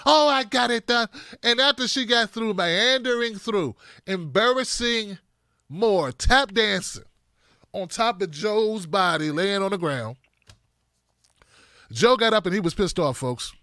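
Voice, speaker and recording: Bright-voiced man doing animated political commentary. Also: high-pitched, a little slow, dry recording, clean studio sound. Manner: animated, joking, swings between shouting and mumbling. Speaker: host.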